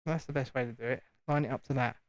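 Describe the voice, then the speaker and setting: A man's voice: medium pitch, fairly even intonation, fast talker, dry recording. British man, streamer chat, chatty, self-deprecating, dry room. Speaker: channel host. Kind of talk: casual live-stream chat while building.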